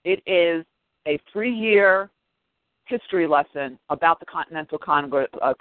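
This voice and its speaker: A man's voice: fairly high pitch, dry recording. A man co-hosting a history podcast who reads passages aloud and makes rousing, impassioned pleas to his listeners. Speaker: podcast co-host. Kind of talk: reading history and plugging a podcast. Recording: dry, tinny phone line.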